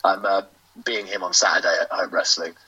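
A British man, a professional wrestler, delivering a grandiose, self-aggrandizing in-character promo with theatrical pauses. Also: sits low, little pitch movement, sharp tone, slightly rough. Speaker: professional wrestler, interview guest. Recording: lo-fi dull audio.

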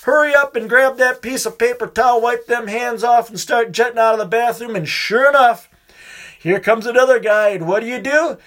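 High-voiced man ranting crudely. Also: moderate pace, a bit bright. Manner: crude, rambling, swears constantly. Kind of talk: profane casual monologue.

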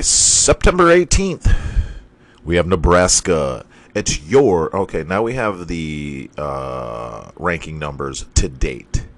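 A man's voice: deep voice, a bit bright. Profane, ranting man reading football scores. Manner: profane, ranting, laughs at himself. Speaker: sports podcast host. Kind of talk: casual sports talk.

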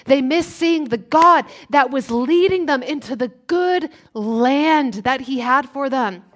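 A woman preaching a sermon in church, animated and acting out complaining voices. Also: high voice, slow pace. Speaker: guest preacher.

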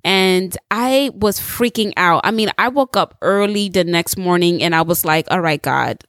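A woman preaching a testimony sermon, telling her story in a lively way and putting questions straight to her listeners. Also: mid-range voice, normal speed, dry recording, studio quality. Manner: animated storytelling, acts out dialogue; addresses listeners directly with rhetorical questions.

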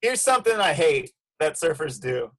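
A man co-hosting a surf podcast, talking in relaxed surfer slang, calling people "dude" and going off on a rant. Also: fairly high pitch, normal speed, poor audio. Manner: laid-back surfer slang, ranting. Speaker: podcast co-host. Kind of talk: casual chat.

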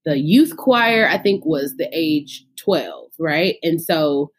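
Fervent low-voiced woman in her thirties. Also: animated, slow, breathy edge. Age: 30s. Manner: testifying about faith with fervor. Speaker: singer and podcast guest. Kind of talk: casual interview.

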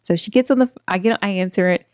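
A woman co-hosting a podcast, telling a story in a lively way with frequent laughter and acted-out quotes. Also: mid-range voice, quick pace, no room sound, studio quality. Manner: animated, laughing, acts out quotes. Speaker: podcast co-host. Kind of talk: casual storytelling chat.

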